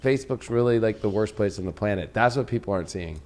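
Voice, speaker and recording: A man hosting a tarot show from a studio, chatting excitably and rambling, laughing and swearing. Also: lowish voice, quick pace. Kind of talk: casual chat with co-host.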